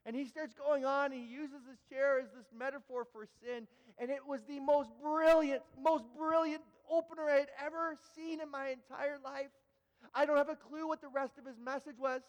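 A man preaching a sermon in a church, telling an animated story with stammered restarts. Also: very high voice, moderate pace, big-room sound. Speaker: pastor. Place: church sanctuary.

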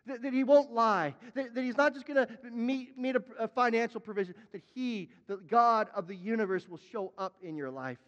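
A man preaching a sermon as a pastor, emphatic, repeating his words and now and then crying out loud. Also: high-pitched, in a large hall, lo-fi sound.

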